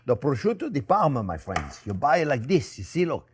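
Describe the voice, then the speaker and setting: A man's voice: mid-range voice, huge pitch swings, fairly quick, a little hiss or hum. A middle-aged man hosting a cooking demonstration as a chef. He is talkative and jokey and calls his viewers friends. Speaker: chef and cooking show host.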